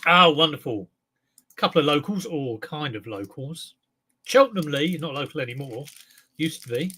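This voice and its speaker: A man's voice: on the high side, expressive, moderate pace, pushed and bright, breathy edge. A man chatting casually on his live stream as a clothes reseller, self-mocking, humming along and talking while he eats. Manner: chatty, self-mocking, breaks into song and talks while eating.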